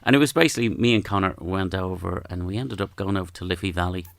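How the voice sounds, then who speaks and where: Low, gravelly Irish man. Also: no echo, clean studio sound. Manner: gentle, halting, with frequent restarts. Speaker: guest. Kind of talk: reflective storytelling.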